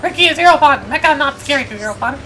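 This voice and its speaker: A woman's voice: high-pitched, very fast, slight background noise, low-quality recording. Woman doing a bouncy boastful little creature. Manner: broken childlike grammar, excitable. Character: small boastful fluffy male creature, cheerful. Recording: game music behind.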